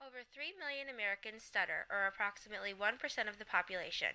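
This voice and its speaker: A woman reading a scripted informational narration in a clear, measured way. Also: mid-range voice, expressive, background noise.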